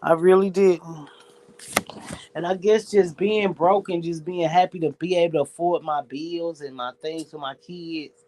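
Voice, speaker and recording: A man's voice: a little high, steady tone, unhurried, mellow, slight background noise, rough recording. A man with a Southern US accent, talking in a rambling, profane, reflective casual monologue as a streamer.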